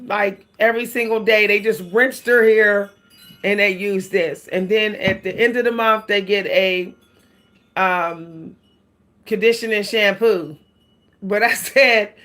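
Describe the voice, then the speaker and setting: A woman's voice: medium pitch, steady tone, measured pace, a bit bright. A woman vlogging about hair care in a casual, chatty way, laughing often and calling her viewers "y'all.". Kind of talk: casual chat to camera.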